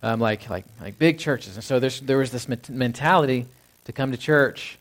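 A man's voice: medium pitch, moderate pace. A man preaching a sermon in a conversational way, often asking "right?" and acting out what people say. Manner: acts out quoted people in a lifted voice. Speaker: pastor.

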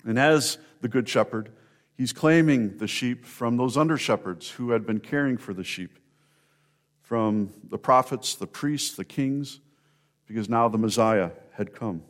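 A man's voice: medium pitch, measured pace. A man preaching a sermon, telling stories in a conversational way and speaking directly to members of the congregation. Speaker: pastor.

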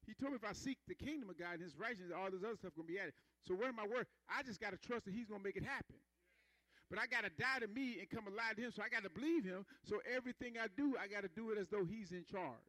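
A man's voice: high-pitched, fast, sharp tone, dry recording, rough recording. A man preaching a sermon in a conversational style, calling for responses from the congregation and building rhythmic emphasis.

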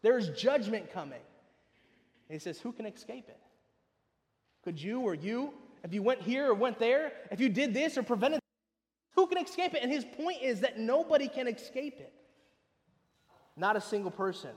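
A man preaching a sermon, emphatic and swinging between loud, pressing lines and hushed ones. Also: extremely high pitch, lively intonation, normal speed, long reverb tail.

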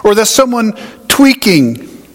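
High-voiced man preaching in a reverberant hall. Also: very animated, takes it slowly. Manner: conversational, folksy, with homey stories. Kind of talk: sermon teaching.

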